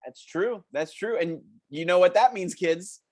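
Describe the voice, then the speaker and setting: A man's voice: high-pitched, a little slow, darkish tone. A man improvising an overeager children's TV show host, talking in a sing-song way as he plugs a sponsor. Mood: peppy. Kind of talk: improv comedy scene.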